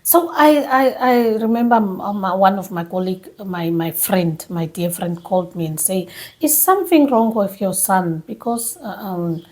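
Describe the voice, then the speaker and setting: A woman vlogger telling a personal story in an emotional, animated way, full of restarts and repeats, speaking English as a second language. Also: mid-range voice, normal speed, few pauses.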